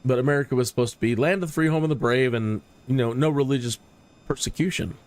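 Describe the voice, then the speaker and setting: Man, streamer, casual rambling commentary, opinionated, mid-pitched voice. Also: fast talker, darkish tone. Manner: rambling, opinionated, repeats words. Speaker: flight sim streamer.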